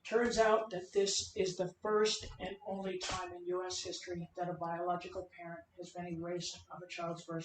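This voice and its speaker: A woman giving an emotional personal testimony as a keynote speaker, swinging from loud outbursts to hushed lines. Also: mid-range voice. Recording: roomy, from a distance, faint noise.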